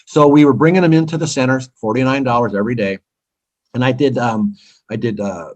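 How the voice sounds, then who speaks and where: A man's voice: brisk, low-quality recording. A man from California, a company founder, giving eager, talkative answers in a casual interview. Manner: eager, talkative salesman pitch.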